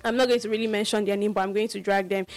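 A woman co-hosting a radio show, telling her story in an expressive, ranting way. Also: mid-range voice, rapid-fire, faint music behind. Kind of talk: casual radio chat.

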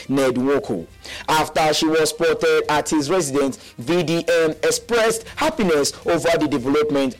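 A man reading the morning news in a steady, formal way on a campus radio station. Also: a little high, rough recording. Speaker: newsreader.

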